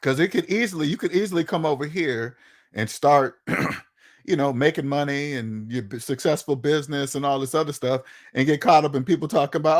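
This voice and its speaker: A man's voice: on the high side, brisk. A man hosting his own channel, talking to his viewers in a casual monologue, emphatic and repetitive, firing off rhetorical questions. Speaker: channel host.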